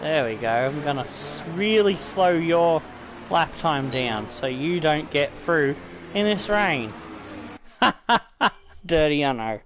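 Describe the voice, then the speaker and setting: An Australian gaming YouTuber commentates his own racing gameplay in a slightly high voice at a slow pace, with background noise. He's excitable, swearing, laughing and bursting out at rivals.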